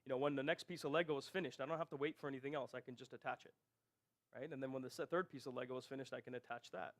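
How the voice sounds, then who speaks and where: At a technical conference, a male speaker with a mid-range voice talks very fast in a steady tone. He explains things step by step and keeps checking in with the audience through rhetorical "right?" questions.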